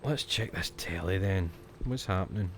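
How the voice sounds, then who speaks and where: Chatty Scottish man, low voice. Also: moderate pace, slight background noise. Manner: chatty, jumpy, swears when startled. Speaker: streamer. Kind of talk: let's-play commentary.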